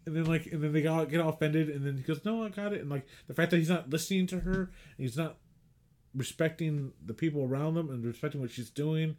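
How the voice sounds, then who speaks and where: A man's voice: a little high, fairly even intonation, fairly quick, a little mellow. A man co-hosting a movie podcast, retelling scenes in a rambling, filler-heavy casual chat. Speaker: podcast co-host.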